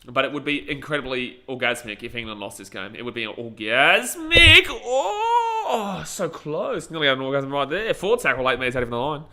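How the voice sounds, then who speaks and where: An excitable young Australian man, a streamer, gives blunt and crude live commentary while watching a match, reacting loudly to the plays. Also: medium pitch, a little fast, hardly any pauses.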